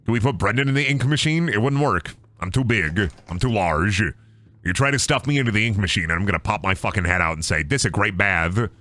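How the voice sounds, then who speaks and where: A man's voice: lowish voice, animated, fairly quick, a bit bright. A man streaming a game, chatting casually with jokes, swearing and silly sing-song voices. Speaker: gaming streamer. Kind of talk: casual live-stream chat over gameplay.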